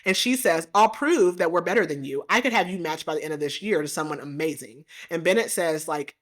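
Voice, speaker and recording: A woman podcast host giving a casual, animated book recap, full of "like" fillers. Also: fairly low pitch, a little fast. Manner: animated retelling with frequent "like" fillers.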